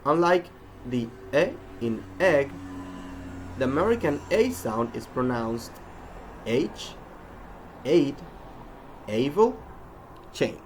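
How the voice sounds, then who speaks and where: A man teaching pronunciation at an unhurried pace, lingering over each example word. His voice has a gravelly edge and swings widely in pitch. A faint hiss of noise sits under the recording. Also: sing-song. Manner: slow, careful, over-enunciated example words. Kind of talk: instructional lesson on pronunciation.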